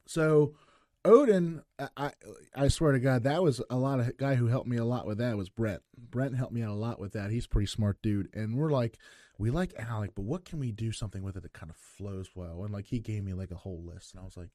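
A young man telling stories as a guest in a casual chat, padding every sentence with filler words and acting out what others said. His voice is mellow and dark, and the sound is dry and close. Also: mid-range voice, fairly quick, dry recording. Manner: rambling, heavy filler words, acts out quotes. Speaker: pro wrestler guest. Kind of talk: casual interview storytelling.

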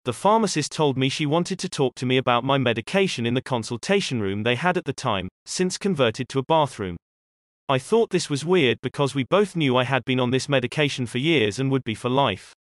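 A man's voice: medium pitch, expressive, fairly quick, no echo. Man narrating stories in a dry room. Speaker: narrator reading posted stories. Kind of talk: scripted narration.

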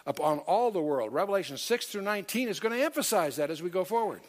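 Talking fast and with plenty of animation, a high-pitched man delivers an emphatic Bible study lecture. He cites scripture in King James language, and his speech is full of fillers and self-corrections.

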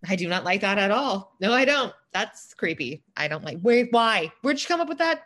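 A woman's voice: mid-range voice, animated, moderate pace, a bit bright. A woman co-hosting a casual gossip chat, rambling and chatty as she talks. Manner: chatty, rambling, many fillers and restarts. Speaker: podcast co-host.

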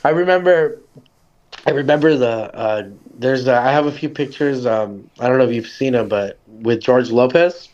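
A man's voice: medium pitch, normal speed, darkish tone, muffled recording. A man from the Southwest US, a podcast guest telling a rambling story in casual chat. He leans heavily on "like", swears freely and acts out the quotes. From Socorro, US Southwest.

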